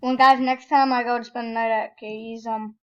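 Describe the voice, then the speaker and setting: High-voiced gamer girl on a muffled computer mic. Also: a little fast, smooth. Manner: rambling, self-correcting, sudden excited outbursts. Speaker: gaming YouTuber. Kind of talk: casual gameplay commentary. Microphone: computer microphone with screen recorder.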